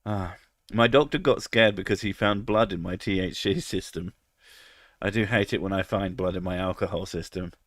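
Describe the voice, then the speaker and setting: A low-voiced man with a cold, chatting loosely on a live stream. He jokes crudely as he reacts to chat, and the sound is dry and close. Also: normal speed, a bit bright, dry recording. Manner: crude, joking, reads out chat. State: has a cold, about to sneeze.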